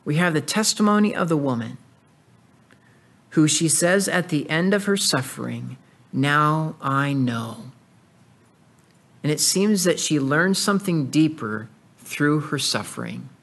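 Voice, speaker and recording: Earnest preacher, man, higher voice. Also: animated, moderate pace, a bit bright. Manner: earnest expository preaching, reading scripture aloud. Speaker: pastor. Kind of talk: sermon.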